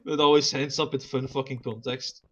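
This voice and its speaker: A man's voice: mid-range voice, little pitch movement, normal speed, a bit bright, muffled recording. A man chatting casually during a gaming stream, rambling and swearing constantly.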